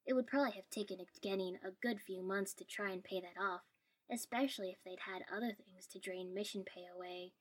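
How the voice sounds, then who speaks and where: A woman's voice: medium pitch, fairly quick, husky. A woman reading a first-person story aloud in a dry, wry tone. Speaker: story reader.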